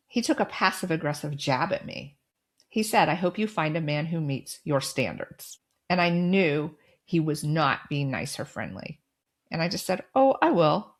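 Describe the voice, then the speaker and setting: A middle-aged woman hosting a podcast, telling a personal story and giving advice in a calm, firm, direct way. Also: deep voice. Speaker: podcast host.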